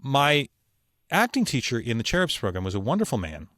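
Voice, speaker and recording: A man who works as a voice actor, telling personal stories as a podcast guest in an earnest, emphatic way with slow, weighty pauses. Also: medium pitch, wildly swooping pitch, fairly bright tone, no room sound, clean studio sound. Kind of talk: reflective interview storytelling.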